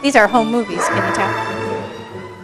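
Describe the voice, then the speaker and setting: A high-pitched woman talks a class through dog-play footage in a chatty, engaged way. She keeps asking her listeners whether they caught each moment and chuckles often. Music plays clearly behind her. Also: huge pitch swings, a little slow, rough recording. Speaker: dog behavior instructor. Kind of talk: live commentary on home video for a class.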